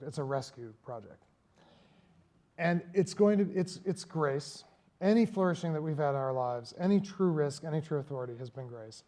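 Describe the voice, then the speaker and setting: A man, an author and guest speaker, talking reflectively at a live public conversation and telling animated stories with frequent laughter. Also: on the high side. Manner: reflective, animated storyteller who laughs often.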